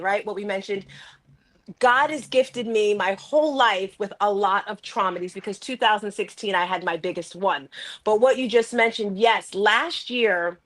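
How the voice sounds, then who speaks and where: A woman life coach and author telling a personal story in an interview, animated and acting out her own self-talk. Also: medium pitch.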